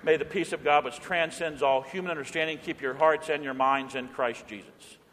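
A middle-aged pastor with a high, fairly bright voice and fairly even intonation delivers a full sermon with emphasis, slowing down to lead the congregation in repeated lines. A long reverb from the church sanctuary carries his voice, with slight background noise.

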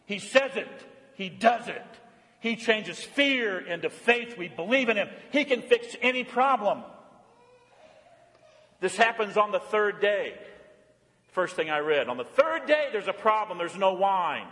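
A man preaching a sermon as pastor, swinging from lively and playful to hushed and earnest. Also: high-pitched, unhurried, long reverb tail. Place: church.

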